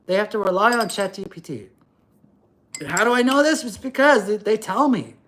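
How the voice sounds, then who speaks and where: A middle-aged man rants on a livestream, lecturing and cursing as he goes. His voice swings widely up and down, with a lively, animated delivery. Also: high voice, moderate pace, a little hiss or hum. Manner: ranting, profane, lecturing. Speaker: livestream host. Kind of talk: livestream rant.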